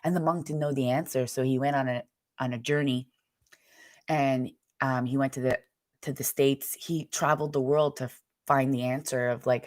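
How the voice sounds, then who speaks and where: A woman's voice: very deep voice, no room sound. A young woman, host of her own show, giving a candid and emotional personal testimony, rambling along with many fillers.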